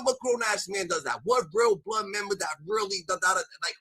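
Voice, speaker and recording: A man giving ranting commentary, animated and profane, packed with filler sounds. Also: sits high, normal speed, hardly any pauses, breathy edge, poor audio.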